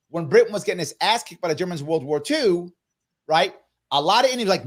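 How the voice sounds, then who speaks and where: New guy, fairly high voice, tells stories with lots of emphasis, does little voices for quotes, on a video call. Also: lively intonation, fast. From New York. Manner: emphatic storyteller who acts out quoted voices. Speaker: political guest. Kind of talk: animated interview talk.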